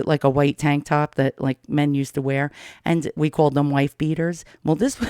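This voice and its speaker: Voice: mid-range voice, darkish tone, dry recording, studio quality. Profane middle-aged New storyteller. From Queens, New York. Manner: profane, blunt, darkly amused. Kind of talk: casual personal storytelling.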